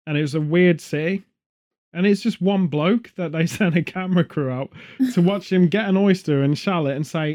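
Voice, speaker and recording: A man's voice: high-pitched, moderate pace, darkish tone. A man hosting a casual podcast chat, rambling from one story to the next with jokey asides and puns. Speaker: podcast host.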